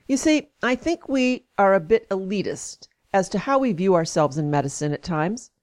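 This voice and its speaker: A woman reads a long first-person essay aloud, leaning into its emphatic turns. Her pitch sits in a middle range for a woman, and her delivery is steady and spoken rather than performed. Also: normal speed. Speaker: speaker reading an essay aloud. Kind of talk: reading aloud, then commenting.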